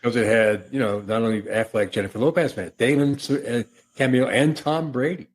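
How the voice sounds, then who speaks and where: American male co-host, husky voice, ribbing his partner in loose chat. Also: medium pitch, fairly even intonation. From USA. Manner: teasing, retells commercials with quick impressions. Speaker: radio host. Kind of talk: casual chat.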